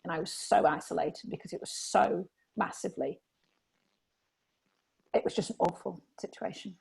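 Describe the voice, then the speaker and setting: Woman guest, raspy and gravelly, candid and reflective. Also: lowish voice, normal speed, low-quality recording. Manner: candid and animated when reenacting herself. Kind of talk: reflective conversation.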